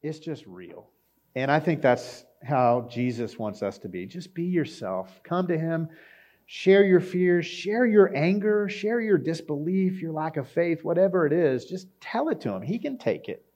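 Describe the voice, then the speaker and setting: A man preaching a conversational sermon as a pastor, with frequent fillers and lively quoted lines. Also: fairly high pitch, a little slow.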